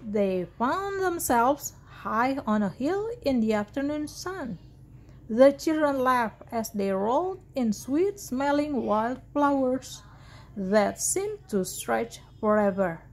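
A woman's voice: sits high, slow pace. A woman reading a picture book aloud, voicing the characters with lots of expression. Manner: animated read-aloud with voiced dialogue. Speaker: storybook reader.

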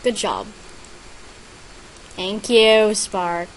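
A teenage girl casually narrating her gameplay at a middle pitch. She reads out player names and chat messages and bursts into excited squeals at gifts. A faint hiss sits under the recording. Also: extremely slow, rough recording. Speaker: gaming vlogger.

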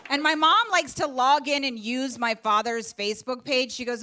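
A woman doing a stand-up comedy set on a late-night TV stage, telling stories in an animated, exasperated way. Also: on the high side, normal speed, few pauses, a faint crowd.

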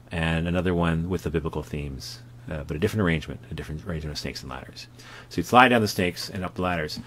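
A man with a Canadian accent giving a conversational lecture about comics art from home, with frequent fillers and restarts. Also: fairly low pitch. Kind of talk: recorded lecture with slides, self-recorded at home.

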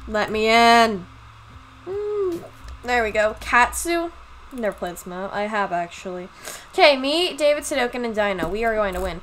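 A high, bright young woman's voice with a lively, swooping pitch, unhurried as she chats through a live game stream. She breaks into high yelps when things go wrong. Faint music plays underneath. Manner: chatty, bursts into high yelps when losing. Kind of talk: live gaming stream chat.

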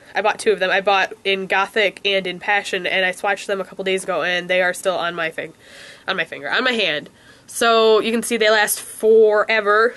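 A woman's voice: medium pitch, bright, forceful tone. A young woman with a stuffed-up nose, reviewing lipsticks in a chatty, rambling way with many ums and likes. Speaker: beauty vlogger. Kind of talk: casual product review. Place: room with a window.

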